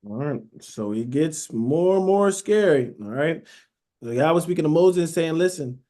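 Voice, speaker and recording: A man's voice: high-pitched, lively intonation, moderate pace, darkish tone. Man preaching casually, checking in constantly. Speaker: Bible teacher. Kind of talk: sermon.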